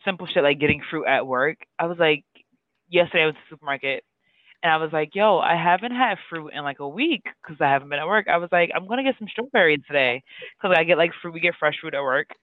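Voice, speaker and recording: Fairly high-voiced man on a tinny line. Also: lively intonation, quick pace, dry recording. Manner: rambling, filler-heavy, breaks into sung lines. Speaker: podcast co-host. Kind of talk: casual podcast chat. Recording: tinny phone-like sound.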